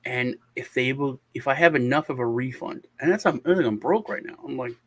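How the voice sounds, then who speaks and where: A man's voice: medium pitch, brisk, fairly bright tone. Man, show host, rambling casual storyteller, sighs and restarts, video call audio.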